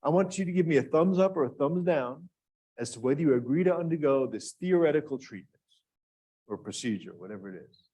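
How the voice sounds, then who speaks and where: A man's voice: fairly high pitch, animated, a little fast, mellow, husky. A man teaching a grant writing workshop to a live room and online audience, asking questions and drawing the listeners in. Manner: engaging, asks the audience questions. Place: classroom with live and remote audience.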